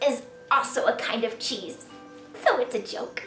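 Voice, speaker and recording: Slow high-voiced woman reading storytime. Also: lively intonation, fairly bright tone, reverberant, recorded from a distance, soft background music. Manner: slow, sing-song and playful, invites kids to join in. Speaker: children's author reading her picture book. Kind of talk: storytime read-aloud for children.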